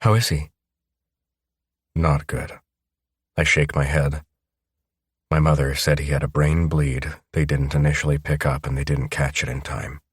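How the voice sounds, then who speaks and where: A man reading a first-person audiobook in a steady, measured way. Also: very deep voice, slightly rough, no room sound, clean studio sound. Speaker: audiobook narrator.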